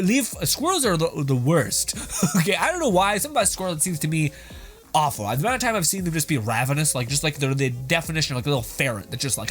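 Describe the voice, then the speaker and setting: A young host reacts to videos in casual commentary, his fairly bright voice sitting a touch high for a man and bouncing wildly in pitch. He rambles, laughs a lot and swears freely over faint background music.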